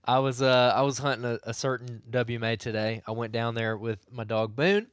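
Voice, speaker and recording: A man co-hosts a podcast in an easy storytelling style. His voice is smooth and resonant, recorded close and dry with no room sound. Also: medium pitch, brisk, no room sound. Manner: storytelling, chatty, animated retelling. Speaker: podcast co-host. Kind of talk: casual chat.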